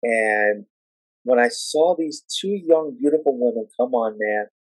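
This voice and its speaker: A man talking with excitement on a podcast, telling wrestling stories and now and then breaking into shrill shouting. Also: unhurried, dry recording, rough recording. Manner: excitable, jumps into shrill shouting when retelling. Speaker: podcast guest. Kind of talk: casual chat.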